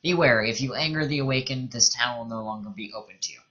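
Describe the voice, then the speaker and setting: A man's voice: medium pitch, quick pace, bright, forceful tone, highs cut off, lightly acted. A man reading the game lines of a proud, watchful male tribal leader in his own plain voice. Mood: guarded.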